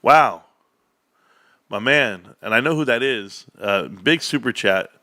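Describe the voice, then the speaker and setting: A man's voice: mid-range voice, slow pace, no room sound. A man, chatting casually as a livestream host and acting out the voices of the people in his stories. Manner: animated storyteller, acts out quoted voices.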